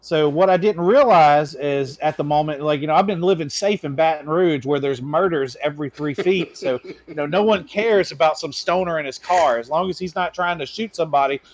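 A young man, a podcast co-host telling a profane, self-mocking story in a casual, animated way. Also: on the high side, a little fast, hardly any pauses, no room sound.

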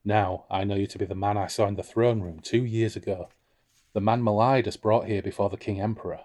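A man voicing a seductive, scheming noblewoman from a fantasy novel, reading her in a low, soft, unhurried voice. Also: steady tone, natural voice. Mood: teasing.

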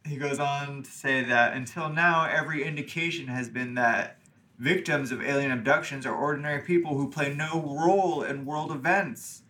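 A man's voice: fairly high pitch, steady tone, moderate pace, bright, forceful tone. A man co-hosting a casual podcast chat, telling a story in a rambling way full of fillers. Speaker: podcast co-host.

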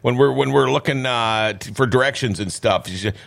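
A man's voice: mid-range voice, gravelly. A man co-hosting a casual talk show, telling stories with lots of agreement. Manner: animated storytelling, quick agreement. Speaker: co-host.

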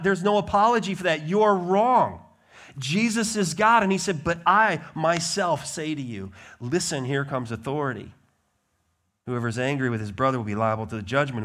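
With a slightly high voice, a middle-aged pastor preaches, moving from emphatic, loud statements down to quiet, conversational remarks.

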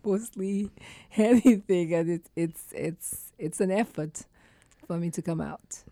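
A chatty woman from Saint Lucia, a podcast guest, who laughs easily and acts out small moments as she talks. Her voice is low and mellow. It sits dry and close, with no room sound. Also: unhurried, no room sound. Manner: chatty, laughs often, acts out little scenes. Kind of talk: casual chat.

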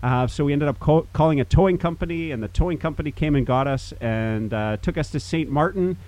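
A man's voice: a little high, brisk, no echo. A man in his fifties, from Manitoba, Canada, telling a rambling casual story among old friends. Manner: rambling, animated, restarts. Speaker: podcast host.

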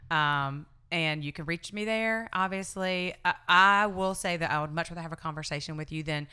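A candid, emotional woman with a Southern accent, talking in loose, restarting sentences. Her voice sits low yet sounds bright, crisp and smooth. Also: normal speed. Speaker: city mayor. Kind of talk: casual panel chat.

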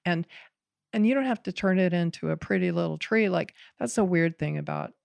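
A woman in casual podcast conversation, talking in an animated, rambling way with frequent laughs and restarts. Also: lowish voice, brisk, gravelly, no room sound. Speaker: podcast guest, bonsai student.

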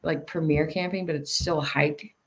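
A man's voice: a little high, steady tone, normal speed, a bit bright. A man chatting casually, rambling through stories with many fillers and frequent laughs. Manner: rambling storyteller, laughs often. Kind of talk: casual chat.

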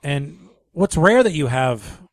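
A man co-hosting a radio show, chatty and quick to tease. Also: on the high side, expressive, no room sound, studio quality. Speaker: radio host. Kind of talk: casual radio banter.

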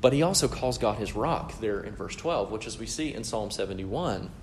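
A man's voice: fairly low pitch, animated, moderate pace, a little hiss or hum. A man preaching a sermon in an earnest, teaching way, often checking in with his listeners. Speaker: pastor.

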